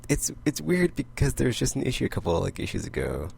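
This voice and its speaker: A man's voice: mid-range voice, huge pitch swings, fast talker, gravelly, a little mellow, slight background noise. A man casually recapping comic books, rambling and full of "like". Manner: rambling, heavy use of "like". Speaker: comic book vlogger.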